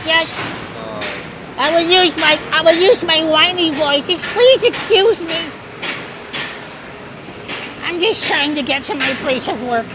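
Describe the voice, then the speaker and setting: A man's voice: extremely high pitch, takes it slowly, long pauses, voice pushed up. A man putting on a whiny, pleading voice. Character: whiny man squeezing through a crowd. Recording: outdoor street noise.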